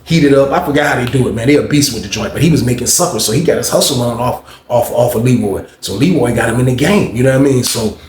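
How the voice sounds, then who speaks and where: A man's voice: medium pitch, fast talker, hardly any pauses. A young man telling a rambling, slangy story in a casual way, tossing in "man" and "you know what I mean" often. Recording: roomy echo with faint background noise.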